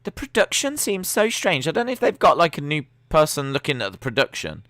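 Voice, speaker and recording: A young man talks over a live stream, chatty and openly opinionated, with a sarcastic edge. His voice sits a touch high and sounds bright and forceful. The recording is dry and close, with no room in it. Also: very animated, a little fast, dry recording. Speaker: live stream watch-along host. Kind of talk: casual live commentary.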